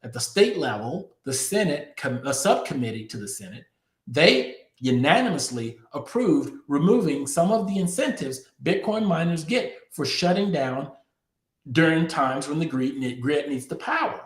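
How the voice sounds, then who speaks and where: A man's voice: fairly high pitch, big pitch swings, moderate pace. A man hosting a crypto politics show, giving emphatic news commentary straight to his viewers. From Texas. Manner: emphatic, addressing viewers directly. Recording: echoey room.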